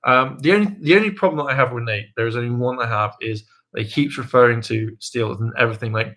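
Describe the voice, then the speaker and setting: Young male streamer with a bright, forward tone and a middling pitch; casual, rambling delivery full of fillers, with jumps into mocking voices. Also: fast talker, hardly any pauses. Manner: hesitant, many ums and restarts, jumps into high mocking voices when quoting. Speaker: livestream host. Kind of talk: casual rambling livestream chat.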